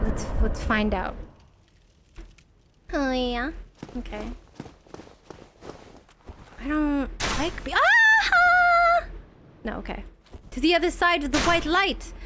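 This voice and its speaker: A woman streaming a video game, reacting excitably with gasps, shouts of frustration and sarcastic asides. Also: sits high, background noise. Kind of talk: gameplay commentary. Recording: loud background music.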